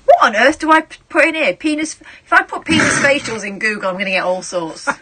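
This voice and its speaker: A woman's voice: on the high side, animated, a little fast, fairly bright tone, a little hiss or hum. A woman co-hosting a late-night radio show, making dry, wry asides. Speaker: radio co-host.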